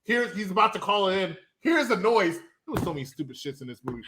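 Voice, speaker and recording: A man's voice: sits high, big pitch swings, brisk. A man hosting a movie review show, casually and rowdily joking while retelling scenes. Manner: rowdy, joking, loud comic retellings.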